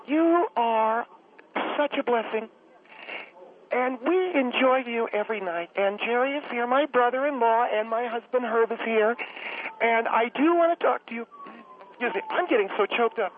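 A man's voice: extremely high pitch, moderate pace, pitched above the performer's own voice. A man voicing a gushing, rambling woman caller who gets choked up and talks on and on. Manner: effusive, rambling, easily choked up. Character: gushing middle-aged woman caller, flustered and chatty. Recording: tinny phone line with faint hiss.

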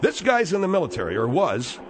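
A man's voice: a little high, wildly swooping pitch, brisk, slight background noise. A man hosting a talk radio show. He argues in a combative, sarcastic way.

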